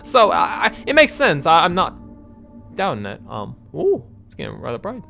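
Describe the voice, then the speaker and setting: A young man doing casual let's-play commentary, animated and rambling, swearing often as he talks. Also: high voice, normal speed, gravelly, soft background music. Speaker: gaming video creator.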